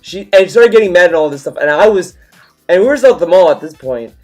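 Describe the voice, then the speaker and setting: High-pitched guy in his 20s rambling on stream, lots of restarts, faint music behind. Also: fast. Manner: rambling, animated, frequent restarts. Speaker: livestream host. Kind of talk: casual storytelling chat.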